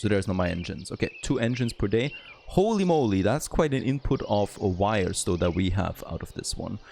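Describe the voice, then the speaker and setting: A non-native English-speaking man provides let's play commentary on a city-building game, thinking aloud, getting excited easily and often saying "there you go." His voice is fairly low and creaky, his pace moderate, and there is slight background noise.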